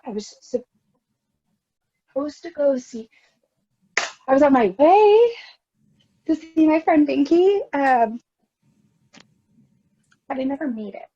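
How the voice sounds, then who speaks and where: A woman's voice: sits high, lively intonation, slow, pauses often. A young woman acting a neurotic, self-pitying married woman in a rambling, anxious theatre monologue over a video call. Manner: rambling, anxious, bursting into near-tearful shouts. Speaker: actor in a scene study. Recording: dull lo-fi video call audio.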